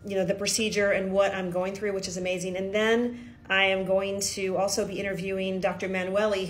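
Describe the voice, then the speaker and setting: Emotional, confiding woman vlogger from Kentucky, middle-aged, mid-pitched, faint music bed. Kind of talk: personal video diary.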